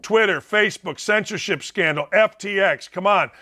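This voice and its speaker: Sarcastic high-voiced sports talk host. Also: male voice, pushed and bright. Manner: sarcastic, rapid riffing, reads viewer comments aloud.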